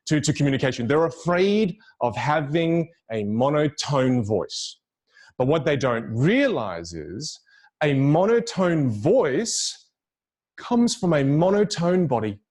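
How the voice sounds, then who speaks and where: A man with a slightly raised pitch coaches public speaking for a virtual audience. He is animated and demonstrative, leaping up and down in pitch to make a point. He repeats key phrases for emphasis. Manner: lively, demonstrative, swings pitch widely for emphasis.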